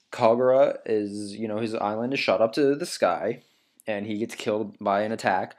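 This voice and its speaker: Rambling man counting down anime moments. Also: lowish voice. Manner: rambling, filler-heavy, swears casually. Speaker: anime vlogger ranking moments. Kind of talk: casual countdown commentary.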